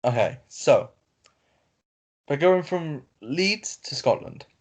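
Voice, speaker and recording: With a voice on the high side and big swings in pitch, a man reads a story aloud as a podcast co-host. His reading is halting, packed with fillers and self-corrections, set in casual chat over a video call with lo-fi audio.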